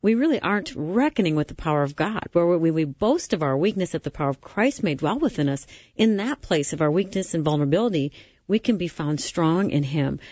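A woman's voice: deep voice, expressive, fairly quick, a little mellow, dry recording, dull audio. A woman hosting a Christian radio interview, affirming her guest and reflecting before asking follow-up questions. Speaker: radio talk show host.

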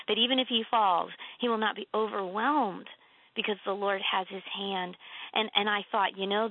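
A woman author guest in a casual faith conversation, telling earnest, animated stories with emphatic lifts in her voice. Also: mid-range voice, no echo. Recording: tinny phone-like line.

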